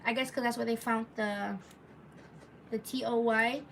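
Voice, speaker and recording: Woman, live-stream storytime, rambling, gravelly, a bit far from the phone mic, faint background noise. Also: fairly high pitch, fairly even intonation, a little slow. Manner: rambling, chatty, full of "like" and asides to viewers; reads viewer comments aloud mid-story.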